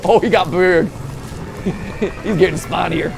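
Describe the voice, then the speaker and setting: A man hosting a casual let's-play, excitable and joking, shouting at the game as he plays. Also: high voice, slow pace, gravelly. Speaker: host. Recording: game music behind.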